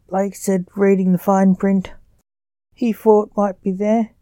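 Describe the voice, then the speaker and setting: A woman reading aloud a gothic story she wrote, in a slow, measured storybook manner. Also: mid-range voice, steady tone, dark tone, dry recording. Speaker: author and narrator.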